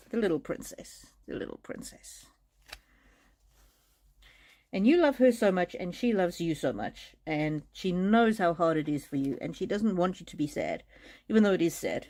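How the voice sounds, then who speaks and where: A woman giving a live-streamed oracle card reading in a gentle, reassuring way, often restarting her sentences. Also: fairly low pitch, big pitch swings, normal speed. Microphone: streaming mic.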